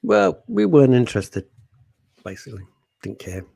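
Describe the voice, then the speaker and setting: A man hosting a radio talk show, chatting theatrically with mock outrage and quiet asides. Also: medium pitch, big pitch swings, normal speed, gravelly, breathy edge, no echo. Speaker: radio host. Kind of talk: casual radio banter. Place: radio studio. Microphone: studio microphone.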